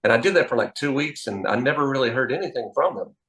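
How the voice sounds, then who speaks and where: A man being interviewed as a magician, telling anecdotes in an animated, storytelling way. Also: mid-range voice, fast, poor audio. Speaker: magician guest.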